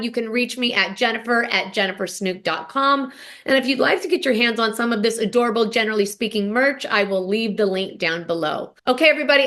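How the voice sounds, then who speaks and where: An animated young woman hosts a podcast with a slightly high voice. She recaps in a casual, chatty monologue and punches up quoted lines with dramatic emphasis. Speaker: podcast host.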